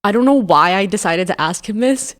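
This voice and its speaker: A woman's voice: medium pitch, lively intonation, fairly quick, a bit bright. A young woman in her twenties co-hosting a podcast, telling a story candidly in casual chat, swearing often and saying "like" a lot. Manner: candid storytelling, frequent swearing and laughter, lots of "like". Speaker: podcast co-host.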